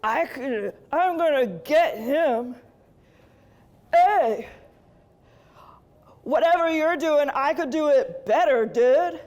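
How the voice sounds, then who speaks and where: A woman voicing a dim, boastful male devil who talks in loud, drawling dude slang. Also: high-pitched, lively intonation, slow pace, long pauses.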